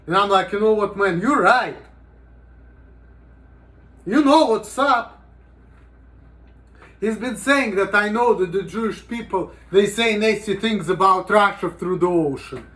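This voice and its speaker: A man's voice: high-pitched, moderate pace, few pauses, fairly bright tone. A man talking casually in a rambling, profane vlog monologue, with "you know" in almost every sentence. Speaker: vlogger.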